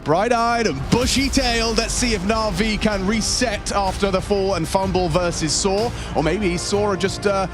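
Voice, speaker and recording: A man's voice: sits high, steady tone, moderate pace, few pauses, over music. Playful esports caster, man. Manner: playful, punning banter. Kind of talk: color commentary.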